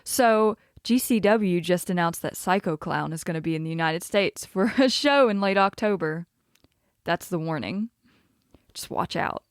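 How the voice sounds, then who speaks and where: A woman's voice: lowish voice, smooth, dry recording, studio quality. A woman co-hosting a casual podcast, laughing often and emphatic in her opinions. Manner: giggly, quick to laugh, emphatic. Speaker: podcast co-host. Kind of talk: casual chat.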